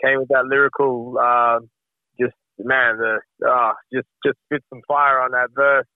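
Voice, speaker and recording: A relaxed man chats about his work in a casual interview, trailing off with ums. His voice comes down a narrow, tinny phone line. The sound is dry and close. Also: medium pitch, a little slow, no echo. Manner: relaxed, many ums, says mate. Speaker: guest rapper.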